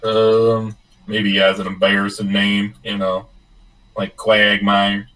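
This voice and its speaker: A man's voice: fairly low pitch, completely flat delivery, slow, fairly bright tone. A man playing in a tabletop game, speaking hesitantly with many ums and false starts. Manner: hesitant, full of ums and restarts. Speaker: player. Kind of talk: casual tabletop play.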